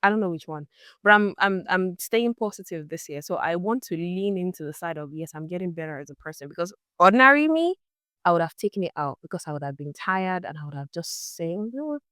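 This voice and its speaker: A woman's voice: lowish voice, expressive, a little fast, a bit bright, clean tone, no echo, clean studio sound. A young woman talking casually to her camera in a vlog, chatty and exasperated as she tells a story. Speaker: vlogger.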